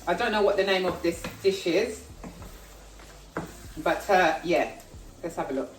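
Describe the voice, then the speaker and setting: A woman's voice: fairly low pitch, a little slow. A woman with a London accent chatting casually and self-deprecatingly while she cooks at home. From South London, England. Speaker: vlogger. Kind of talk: casual cooking vlog chat. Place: home kitchen. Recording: echoey kitchen, far from mic, sizzling. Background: frying and sizzling food.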